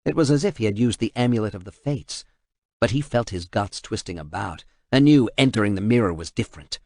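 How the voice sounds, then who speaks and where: A man reading an action novel aloud in steady, measured audiobook narration. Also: fairly low pitch, no echo.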